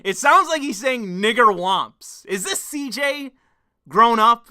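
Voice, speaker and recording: Animated young man streaming, bright-voiced. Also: extremely high pitch, slow pace, no room sound. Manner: incredulous, laughing, profane. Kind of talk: casual stream commentary.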